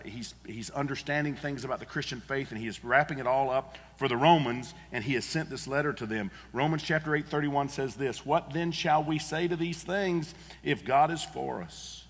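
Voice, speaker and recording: A man's voice: on the high side, a bit bright, in a large hall. A male pastor preaching a sermon in a church, earnest and emphatic, repeating his key phrases. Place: church sanctuary.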